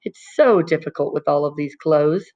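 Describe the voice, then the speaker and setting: A woman's voice: deep voice, normal speed, mellow, highs cut off. A woman voicing a fussy, flustered old supernatural lady with a plaintive, fluttery manner.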